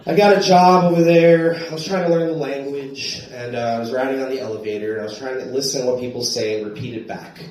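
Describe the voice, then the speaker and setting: A man's voice: mid-range voice, fast talker, few pauses, far from the mic. American man doing stand-up in an echoey club. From United States. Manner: storytelling with frequent "right?" tags, loud shouted punchlines. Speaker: stand-up comedian. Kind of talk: live stand-up set. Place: comedy club stage. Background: audience laughter.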